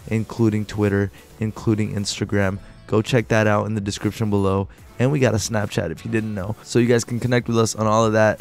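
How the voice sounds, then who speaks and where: A man hosting a gaming channel, speaking casually and directly to viewers while sick, with a rough voice. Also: fairly low pitch, darkish tone. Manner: upbeat, addresses viewers directly. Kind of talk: casual gaming tutorial talk.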